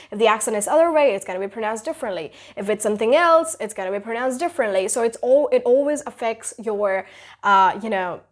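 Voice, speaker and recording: Chatty young woman teaching basics. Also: on the high side. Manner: chatty, loose, with many fillers like "you know" and "like". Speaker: YouTube creator teaching basic French. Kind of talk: casual video lesson.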